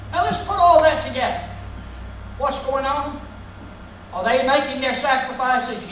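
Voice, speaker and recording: A high-voiced woman preaches, reading scripture aloud and then explaining it plainly with emphasis. The sound is very echoey and distant, as if heard from the back of a large church, with faint room noise behind it. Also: animated, moderate pace. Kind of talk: sermon. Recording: echoey hall from far off.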